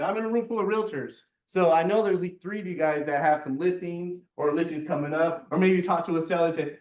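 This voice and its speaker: A man's voice: fairly high pitch, fast talker, hardly any pauses, darkish tone, far from the mic. A man hosting a real estate office meeting, enthusiastic and chatty, repeating words as he urges people on. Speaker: meeting host. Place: large meeting room. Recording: echoey room, heard from afar.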